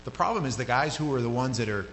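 A man preaching a sermon in a loose, conversational way. His voice jumps up sharply when he gets animated. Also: medium pitch, fast talker. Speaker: pastor. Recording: hall reverb with faint hum.

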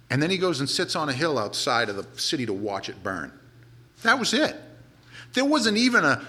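Animated, forceful preacher man. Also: fairly high pitch, fairly quick. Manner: animated, conversational retelling with casual asides. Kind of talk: sermon storytelling.

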